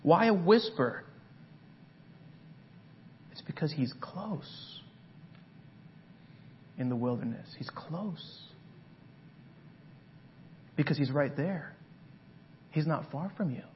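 A man preaching a sermon as pastor, dramatic and swinging from loud passages to hushed ones. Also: on the high side, animated, slow pace, pauses often, lo-fi sound, slight background noise.

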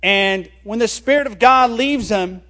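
A man preaching a sermon as a pastor, telling a story with animated rises and quiet, low drops on key words. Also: measured pace.

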